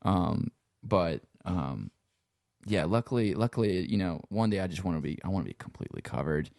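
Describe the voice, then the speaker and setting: A man's voice: low voice, lively intonation, moderate pace, creaky, darkish tone, dry recording, clean studio sound. A man from Louisiana with a Cajun accent, talking in a laid-back, rambling way and swearing freely in a casual conversation. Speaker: podcast guest.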